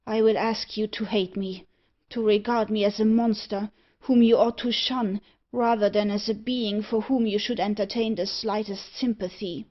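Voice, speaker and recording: A woman voicing a haunted young gentleman in a gothic audiobook, speaking gravely and earnestly about a fate he cannot escape. The audio is slightly dull and lo-fi, and the pitch sits in a middle range. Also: fairly even intonation, normal speed, natural voice. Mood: brooding. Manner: earnest, brooding. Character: young gentleman with a dark secret.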